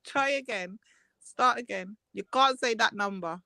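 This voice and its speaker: A woman's voice: medium pitch, a little slow, sharp tone. A woman hosting a casual online panel, coaching a learner through patois words with coaxing corrections and laughter. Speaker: panel host teaching patois.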